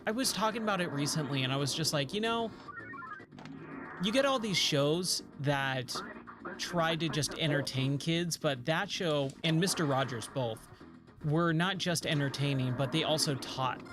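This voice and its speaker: Rambling, slightly high-voiced man in his thirties, casual gaming chatter over music. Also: normal speed. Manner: rambling, chatty, easily sidetracked. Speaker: streamer playing arcade games. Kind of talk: casual chat while gaming. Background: game music.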